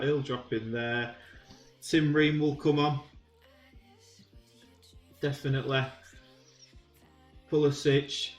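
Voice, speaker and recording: A man with a Yorkshire accent commentating on his own football management game in a chatty way, full of ums and sudden bursts of excitement. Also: mid-range voice, roomy sound. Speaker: gaming YouTuber.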